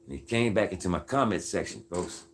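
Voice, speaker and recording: A man with a deep voice speaks briskly as he reads viewer comments during his casual faith-based livestream. His tone is earnest and folksy, with a preacher's insistence, and he habitually calls viewers "folks" and "man."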